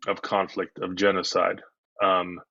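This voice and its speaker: A man lecturing as a history professor, measured, with frequent ums and uhs and repeated words. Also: low voice, completely flat delivery, creaky, pushed and bright, no room sound, highs cut off. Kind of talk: lecture to a live audience.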